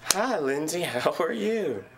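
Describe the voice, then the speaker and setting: A man putting on the voice of a gentle, soft-spoken children's TV host, pitching a product in a mock commercial with slow, sweet, overly friendly talk. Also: very animated, noisy background, heavily acted. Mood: sweetly selling. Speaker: host doing an impression. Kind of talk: comedic impression in a mock commercial.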